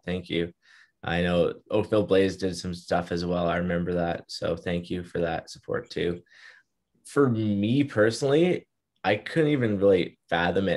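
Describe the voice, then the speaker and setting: A young man with a deep, low voice speaks as an interview guest. He tells his story in an earnest, reflective way, in casual talk.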